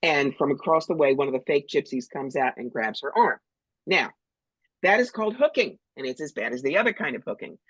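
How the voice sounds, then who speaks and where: امرأة مسنّة من نيويورك بصوت أجشّ، تتحدث بصراحة وحيوية كضيفة في مقابلة، في تسجيل جاف قريب. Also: female voice, extremely low pitch, brisk, husky, no room sound, poor audio. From New York. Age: older. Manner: blunt, animated, acts out voices. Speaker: psychic medium, guest. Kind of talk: storytelling interview talk.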